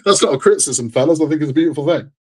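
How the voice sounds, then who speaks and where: With a rapid-fire, lively delivery, a man streams himself assembling a model kit and chats in a frank, casual way. Tired and under the weather, he rambles and repeats himself. His voice is a little high and a little mellow, with a breathy edge.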